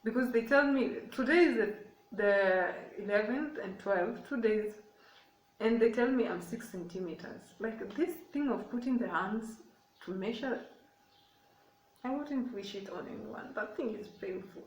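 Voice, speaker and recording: A woman's voice: medium pitch, a little slow, far from the mic, slight background noise. A young woman, telling a personal story in a casual, emotional way that rambles and repeats itself. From Kenya. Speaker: vlogger. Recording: echoey room, away from the mic.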